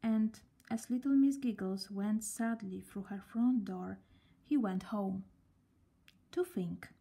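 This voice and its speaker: A woman reading a children's story aloud in a gentle voice, often dropping near a whisper. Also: mid-range voice, takes it slowly, vocal fry, husky.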